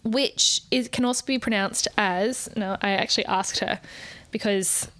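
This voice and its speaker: A woman's voice: medium pitch, measured pace, a bit bright, no echo. A woman co-hosting a podcast, telling a story in a chatty way and laughing often. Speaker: podcast co-host. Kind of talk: casual chat.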